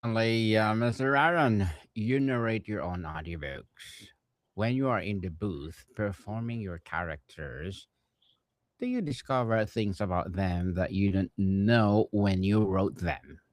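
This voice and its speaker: A man hosting a podcast interview who asks formal, measured questions. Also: fairly low pitch, dry recording. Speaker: podcast host.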